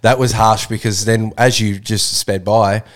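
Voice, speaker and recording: A man's voice: on the low side, fairly even intonation, a little slow. An Australian man in his thirties co-hosting a podcast, dry and teasing, reading out topics in casual banter. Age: 30s. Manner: dry, teasing, laughs often, reads out the list. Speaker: podcast co-host.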